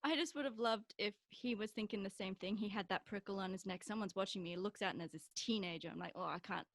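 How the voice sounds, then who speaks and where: Guest, female, Australian accent, mid-pitched, relaxed chatty delivery, dry mic. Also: fast, no room sound. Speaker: podcast guest. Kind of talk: casual chat.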